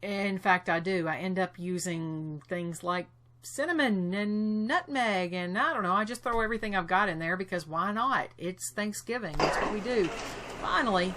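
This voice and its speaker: A woman's voice: mid-range voice, moderate pace, fairly bright tone, slight background noise. A woman narrating her cooking video in a wry, matter-of-fact voice-over. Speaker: vlogger.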